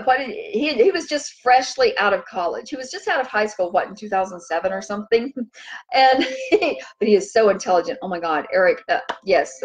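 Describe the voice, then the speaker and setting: A woman hosting a casual spiritual talk, chatty and rambling, who turns animated when she acts out what others say. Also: a little high. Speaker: host.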